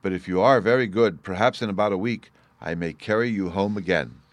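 A man voicing a kind, capable female cat in a storybook reading, speaking calmly and reassuringly. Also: sits low, a little fast, natural voice. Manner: calm, reassuring.

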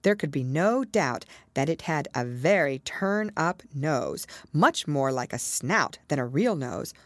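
A woman reading a storybook aloud in an expressive, measured way. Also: sits low, dry recording. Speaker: storybook reader. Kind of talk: storybook narration.

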